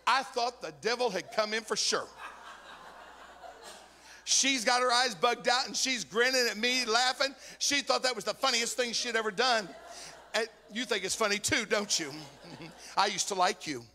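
A man, preaching a sermon as a guest speaker, telling stories with animation and rising to shouts. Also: very high-pitched, moderate pace, in a large hall, a little hiss or hum. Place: church sanctuary.

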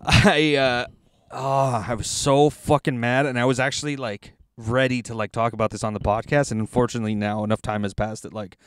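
A man's voice: medium pitch, steady tone, fairly quick, clean tone, no room sound, clean studio sound. A man, co-hosting a podcast from inside a car, telling a profane, ranting story in casual chat. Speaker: podcast co-host.

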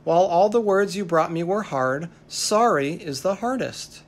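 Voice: medium pitch, measured pace, lightly acted. A storyteller voicing a patient, kindly God. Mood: gentle.

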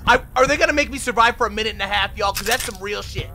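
A man doing excitable, profane let's play commentary on a horror game, yelling at the game and talking to viewers as "y'all". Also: high-pitched, very fast, a little hiss or hum. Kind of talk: casual gameplay commentary. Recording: game music loud behind the voice. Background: horror game music.

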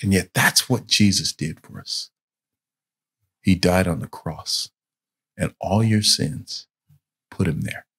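A man teaching a Bible study, telling a dramatic story that swings between loud, intense moments and hushed, solemn ones, often repeating words as he searches for them. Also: low voice, slow, creaky, long pauses, breathy edge. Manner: dramatic storytelling, rising to shouts and dropping to hushed tones. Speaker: church teacher.

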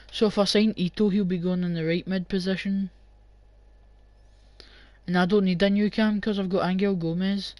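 A man's voice: sits high, dry recording. A man giving casual, sweary gameplay commentary and chatting with viewers as he plays. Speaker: gaming channel host.

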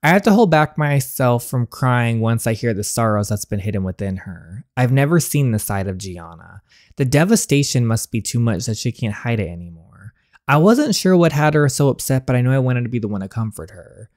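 A guilt-ridden young man in a story game, telling his heartbreak in first person, read by a man in his own voice. He speaks softly and earnestly, mid-pitched, in a dry, close sound. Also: sing-song, brisk, no room sound, lightly acted. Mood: sorrowful. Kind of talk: reading game narration aloud.

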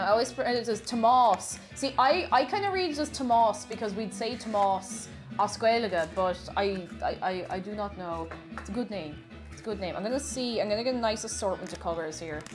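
A woman's voice: mid-range voice, fairly quick, faint music behind. A young woman chatting cheerfully on a live stream while baking, greeting viewers and repeating her phrases.

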